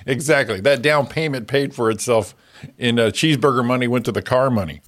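A man hosting a morning radio show, chatting in a relaxed, blunt way and steering the talk to the next segment. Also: mid-range voice, fairly quick. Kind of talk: casual radio chat.

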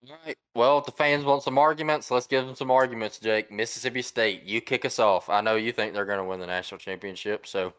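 A man's voice: medium pitch, fast talker, hardly any pauses, a bit bright, clean tone. A young man co-hosting a sports podcast, laid-back and joking in a casual chat. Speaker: podcast co-host.

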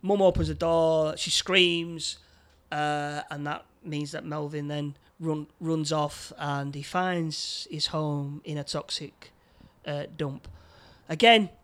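A man co-hosting a casual film review chat, recounting scenes in a halting way with many repeated words and fillers. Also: fairly high pitch, steady tone, a bit bright, clean tone. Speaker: podcast co-host.

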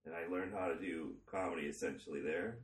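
A man's voice: sits low, brisk, reverberant, recorded from a distance. A man comedian from Chicago, telling self-deprecating stories in casual chat with frequent laughs. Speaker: comedian guest.

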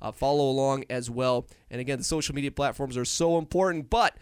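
A man's voice: medium pitch, fast, darkish tone, smooth, no echo, clean studio sound. A young man co-hosting a casual podcast on a headset, upbeat and joking, rambling with restarts. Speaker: podcast co-host.

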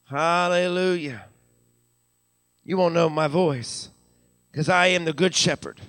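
Taking it slowly, a pastor with a slightly high, fairly bright voice preaches live in a church sanctuary. His Western Pennsylvania accent comes through as he stammers on repeated words while building and shouts hallelujah. The recording is dry.

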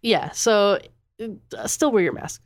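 Woman, 30, podcast co-host with a head cold, congested, smooth voice, chatty and filler-heavy, dry close mic. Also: mid-range voice, very animated, a little slow, no echo. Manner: chatty, lots of fillers and likes. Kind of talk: casual podcast chat.

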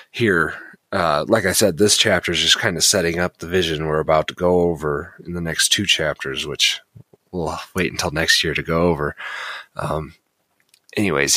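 Co-host: deep man, dry close sound, talks through scripture at length. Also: dry recording. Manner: explains passages at length, animated paraphrase. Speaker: podcast co-host. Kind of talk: casual Bible study discussion.

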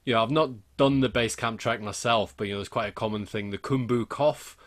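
Interviewer guy, lowish voice, easygoing questions, lots of "you know". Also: a little fast. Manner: conversational, fills with "you know". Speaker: interviewer, host. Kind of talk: casual interview.

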